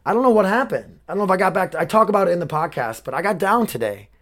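A man's voice: high-pitched, lively intonation, racing, fairly bright tone. A man in his twenties hosting a solo podcast, rambling and swearing, emotionally worn down. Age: 20s. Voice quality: rambling, swearing, restarts sentences. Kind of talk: casual solo podcast rant.

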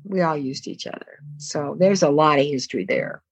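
A woman's voice: sits low, moderate pace, husky, no room sound. An older woman with a Southern US accent, a voice-over actress telling rambling stories full of asides in a casual interview. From American South. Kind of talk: casual anecdotal interview talk.

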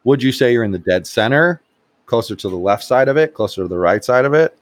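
A man hosts a casual podcast, talking in a blunt, conversational way at a middling pitch. His voice comes through dry and close, with no room sound around it. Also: lively intonation, fast, no echo. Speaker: podcast host.

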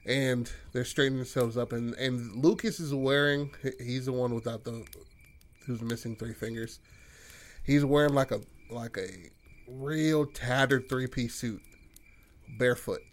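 A man's voice: mid-range voice, steady tone, unhurried. A man casually telling a rambling horror story idea to a friend, full of fillers and swearing. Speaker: podcast co-host pitching a horror story.

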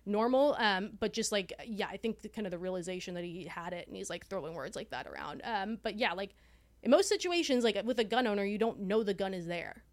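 Young woman from texas, podcast co-host, casual chat, halting, lots of "like", swears freely. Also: mid-range voice, expressive. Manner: chatty, hesitant, heavy use of "like", swears freely.

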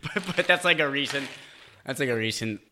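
A young man in his twenties co-hosting a podcast, joking in a quick, rambling way with many restarts. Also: mid-range voice, expressive, pushed and bright, slight background noise. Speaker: podcast co-host. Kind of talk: casual chat.

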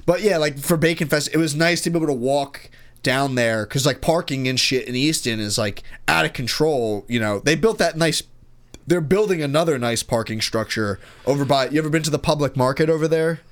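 A man's voice: a little high, a little fast. A man in his twenties telling rambling, profane stories in casual chat, full of restarts. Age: 20s.

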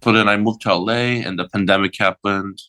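A man in his thirties from Michigan, a drag performer chatting as a podcast guest, relaxed with many ums and laughs. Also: fairly low pitch, fairly quick. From Michigan, USA. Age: 30s. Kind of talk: casual podcast chat.

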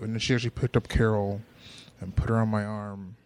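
A man's voice: fairly low pitch, level tone, fast, a little mellow. A young man co-hosting a podcast, telling a dating story in a rambling, hesitant way full of fillers. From Buffalo, New York. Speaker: podcast co-host. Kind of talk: casual chat.

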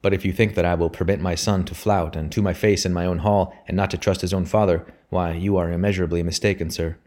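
A man reading as a gruff, stern old father. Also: deep voice, steady tone, fast talker, darkish tone, lightly acted. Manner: growling, ironic, roaring in anger.

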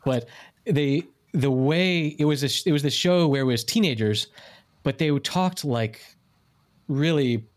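A man's voice: fairly high pitch, a little slow. A man in his forties talks casually on a podcast. He rambles, circling back and restarting his thoughts as he goes. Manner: rambling, with many restarts and fillers. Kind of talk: casual chat.

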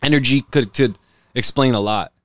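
A man's voice: medium pitch, normal speed, no echo. A man from Western Massachusetts, a guest in a casual interview, telling rambling stories full of fillers in a house. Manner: loose storytelling with lots of fillers. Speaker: guest rapper. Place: house, indoors.

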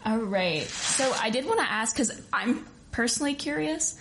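A woman's voice: fairly high pitch, expressive, normal speed, fairly bright tone. A woman interviewing a guest in a casual chat, asking curious questions and giving short encouraging replies.

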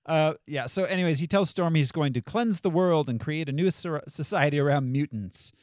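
A man co-hosting a casual movie review podcast, animated and quick to laugh. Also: fairly high pitch, dry recording, studio quality. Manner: animated, laughs often, jokey quotes. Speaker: podcast co-host.

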